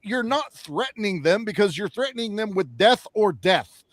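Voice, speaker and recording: A man's voice: sits high, moderate pace, dry recording. A man co-hosting a casual online movie chat, swearing freely and acting out scenes. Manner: profane, animated, acts out scenes. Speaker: podcast co-host.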